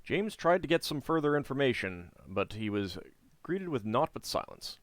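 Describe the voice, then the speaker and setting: Man, playthrough host reading game story, animated delivery, dry room. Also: medium pitch, moderate pace, no room sound. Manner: relaxed, chatty asides. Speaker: gameplay host and narrator. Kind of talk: reading game text aloud with commentary.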